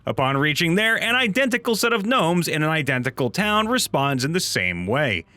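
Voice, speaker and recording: A man reading viewers' stories aloud in an animated, playful way. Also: a little high, normal speed, no echo. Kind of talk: reading online comments aloud.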